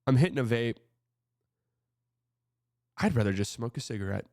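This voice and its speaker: A man's voice: mid-range voice, lively intonation, moderate pace, long pauses, a little mellow, faint music behind. A man hosting a casual sports reaction show, talking in a loose, profane, rambling way.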